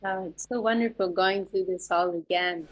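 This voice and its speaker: A woman's voice: mid-range voice, fairly even intonation, normal speed, slight background noise, poor audio. A woman leading an online scripture study over a video call, explaining verses in a chatty way with frequent restarts and light laughs. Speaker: study group leader.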